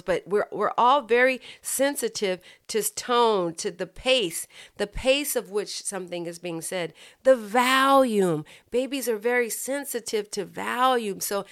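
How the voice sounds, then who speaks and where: A woman's voice: mid-range voice, a bit bright. A woman giving a lesson on communication and tone, explaining carefully and repeating phrases to make her point. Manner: explanatory, repeats phrases, demonstrates emphasis by example. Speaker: communication teacher. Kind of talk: lecture-style teaching.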